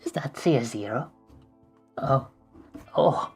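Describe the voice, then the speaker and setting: Playful woman streamer, very deep voice, slow unhurried chat while drawing, desk mic. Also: lively intonation, husky, soft background music. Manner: playful and goofy, breaks into laughs and silly voices.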